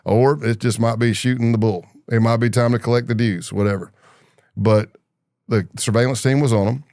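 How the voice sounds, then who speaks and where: A man's voice: mid-range voice, normal speed, no echo, clean studio sound. A middle-aged man from the American South, telling long stories as a podcast guest and acting out the voices of people he quotes. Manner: animated storyteller, acts out quoted voices. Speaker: podcast guest, former undercover agent. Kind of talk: storytelling interview.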